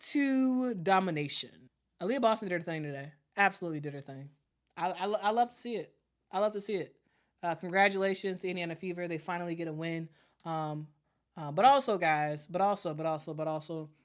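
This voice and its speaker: This Chicago woman has a lowish, somewhat bright voice as she hosts a live basketball commentary stream. Reading chat messages out loud, she tends to say things more than once and breaks into frequent laughter.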